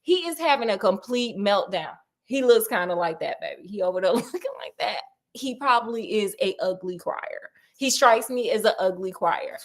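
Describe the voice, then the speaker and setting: A woman retelling a detective story in a comic, slangy, animated way, often laughing. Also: medium pitch, normal speed.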